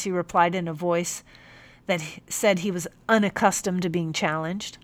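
A woman reads a first-person audiobook in a calm, measured way. Her voice is a little low for a woman, and the recording is close and completely dry, with no room sound at all. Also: no room sound. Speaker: audiobook narrator.

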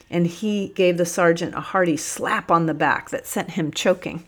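Low-voiced woman narrating an audiobook. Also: normal speed, hardly any pauses. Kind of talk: first-person storytelling narration.

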